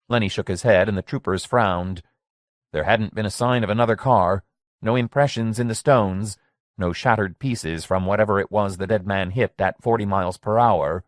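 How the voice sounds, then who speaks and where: Male narrator, low voice, dry close studio sound, steady reading. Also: normal speed, dry recording. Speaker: audiobook narrator. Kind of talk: scripted narration.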